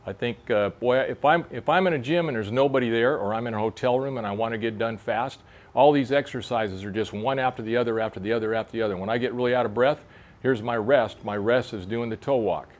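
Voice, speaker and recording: Casting note: older man in his sixties, plain-spoken coach talking through exercises as he demonstrates them, mid-pitched voice. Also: a little fast. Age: 60s. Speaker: fitness instructor for fly fishers. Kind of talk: casual instructional demo. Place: outdoor covered veranda in a park.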